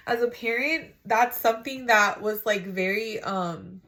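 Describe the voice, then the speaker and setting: A woman's voice: on the high side, a little slow, a bit bright. Rambling, frank woman giving a testimony. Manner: rambling, heavy use of "like", frank with swearing. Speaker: mother sharing a faith testimony. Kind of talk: casual spoken testimony.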